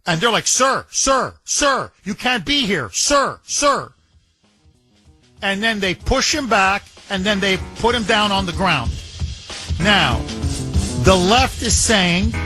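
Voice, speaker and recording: A man hosting a political talk radio show, talking emphatically, repeating phrases and retelling events. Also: high-pitched. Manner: emphatic, repetitive, animated retelling with quoted voices.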